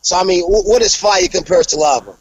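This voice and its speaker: A young adult man, a professional wrestler, talking casually in an interview and breaking into animated promo-style trash talk. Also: high voice, brisk, a little hiss or hum, rough recording. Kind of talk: casual interview over a call.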